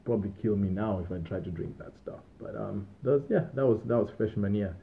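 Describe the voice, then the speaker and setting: A young man hosting a podcast, telling stories from his student days in a relaxed, rambling way with small laughs and restarts. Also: lowish voice, fast talker, gravelly. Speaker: podcast host. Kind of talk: casual storytelling monologue. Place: Australia. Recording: tinny phone-like sound.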